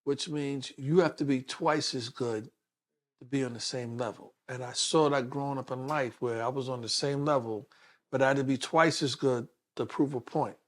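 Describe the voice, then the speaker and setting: A man's voice: medium pitch, moderate pace. A man, a guest telling stories from his life in an interview and acting out the people he quotes. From Brooklyn, New York. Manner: animated storyteller who acts out the people he quotes. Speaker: guest, detective. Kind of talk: personal storytelling in a sit-down interview.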